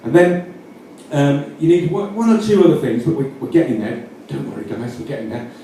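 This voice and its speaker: A man with a Yorkshire accent talks through a comic scheme in a mock-earnest, deadpan way, stumbling over his words and starting sentences again. His voice sits a little high and sounds mellow. He is heard from a distance in a very echoey room, with a faint hiss of noise behind him. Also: fairly quick. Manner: mock-earnest, rambling with self-corrections. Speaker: comedian. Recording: roomy echo, distant mic, faint noise.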